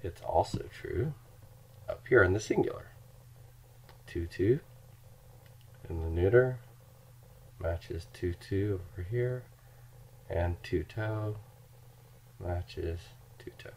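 A man with a very deep, low-pitched voice gives a recorded grammar lecture. He explains patiently, walking through word forms one by one and repeating them aloud for his students. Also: takes it slowly, vocal fry, long pauses, darkish tone, slight background noise. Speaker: Greek teacher.

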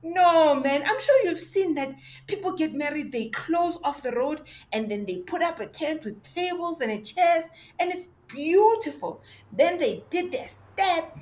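A woman with a South African accent playing a proud, nostalgic young man turned into a dog, talking lively with township slang. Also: very high-pitched, unhurried. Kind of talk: audio drama acting.

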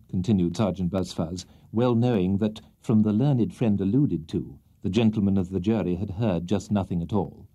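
A man reading a classic novel aloud as a children's audiobook, with expressive, measured storytelling. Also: low voice, breathy edge, dull audio. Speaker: audiobook reader. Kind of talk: scripted storybook narration.

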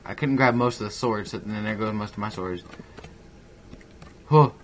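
A young man with a fairly low voice talks through a video game in casual, rambling commentary. He mocks himself and breaks into excitable bursts. A faint hiss sits under the recording. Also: moderate pace. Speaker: gaming YouTuber.

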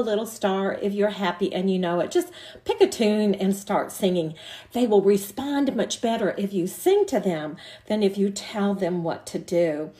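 A woman's voice: mid-range voice, dark tone. An older woman, an early childhood educator, giving an encouraging teacher training talk and breaking into short demonstration songs.

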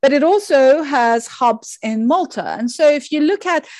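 Lecturing woman, fairly high voice. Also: lively intonation, a little mellow, no echo. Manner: measured, many fillers and restarts. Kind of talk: academic lecture with slides.

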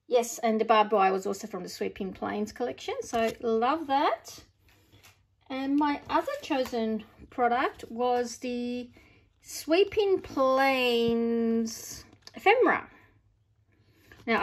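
A woman's voice: a little high, darkish tone. A middle-aged woman with an Australian accent, chatting casually as she unboxes craft supplies, gushing with delighted exclamations. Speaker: craft vlogger.

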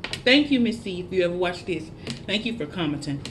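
This chatty woman eats on camera in a casual mukbang vlog, her fairly low voice a little fast, with a bit of hiss or hum in the audio. She chews and hums between bites, laughs at herself, and shouts out viewers with energy.

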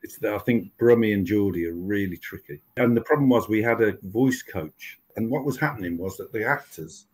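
A man's voice: on the low side, fairly quick, hardly any pauses, darkish tone, a little hiss or hum, low-quality recording. A man in his sixties, a TV writer and show creator, talking as a guest in a casual podcast interview, telling stories with many restarts. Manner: rambling storytelling with many restarts.

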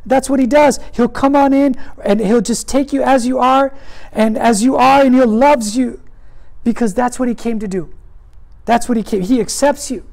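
A man's voice: extremely high pitch, moderate pace, vocal fry, darkish tone. A man preaching a sermon as pastor, earnest and emphatic, repeating his points for weight.

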